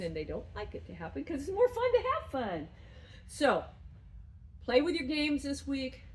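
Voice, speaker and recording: Woman dog trainer, instructional and brisk, leaps into high excited praise; faint noise behind. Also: poor audio. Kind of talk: remote training lesson.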